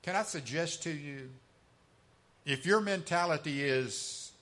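Impassioned male preacher, bright voice. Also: fairly high pitch, a little slow. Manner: impassioned, swings from loud to hushed. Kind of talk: sermon.

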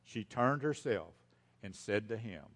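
A man preaching a sermon to his congregation, repeating key lines for emphasis and swinging between loud and hushed delivery. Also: on the low side, lively intonation, unhurried. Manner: speaks directly to the congregation as folks. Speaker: pastor.

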